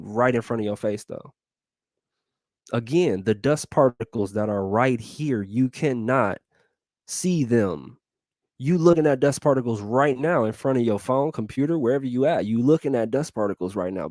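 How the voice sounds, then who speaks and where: A man's voice: mid-range voice, moderate pace, darkish tone, dry recording. A man giving a casual motivational talk as host, in slangy speech that repeats its phrases and breaks into laughs between points.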